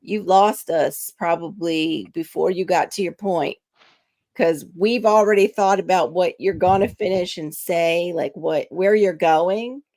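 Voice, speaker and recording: A woman chatting on a livestream panel, lively and emphatic. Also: fairly low pitch, measured pace, no echo. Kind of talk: casual livestream chat.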